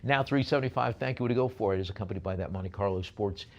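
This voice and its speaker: A man's voice: on the low side, racing, highs cut off. A man working as an auctioneer, calling out bids at a live auction and slipping in jokey asides between lots.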